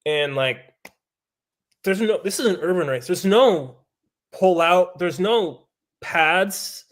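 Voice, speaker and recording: This man is a pro mountain biker with a high voice who speaks at a slow pace. In casual chat he tells an animated story, swearing and acting out what others said.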